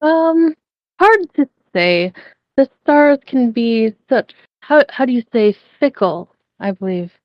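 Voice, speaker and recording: Woman voicing a hesitant shrine diviner, halting, groping for words, dull muffled audio. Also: fairly high pitch, lively intonation, no echo. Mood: evasive. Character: hesitant female shrine diviner, vague and polite.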